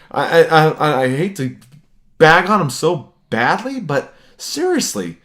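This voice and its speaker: A man's voice: on the high side, sing-song, takes it slowly, fairly bright tone. A man co-hosting a sports podcast in casual chat, ranting with exasperated complaints and stammering restarts. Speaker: podcast co-host.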